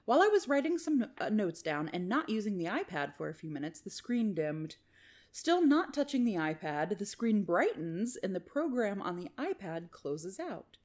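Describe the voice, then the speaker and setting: A woman's voice: medium pitch, very animated, normal speed, a little mellow. A woman co-hosting a podcast, reading a listener's story aloud and chatting casually, swearing and laughing often. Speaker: podcast co-host.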